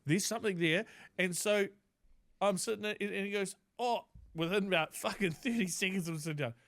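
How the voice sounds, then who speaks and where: A man's voice: high-pitched, a little fast. A man co-hosting a podcast, telling a crude story in casual chat and acting out the other people's lines. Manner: crude, animated storyteller who acts out quotes. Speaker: podcast co-host.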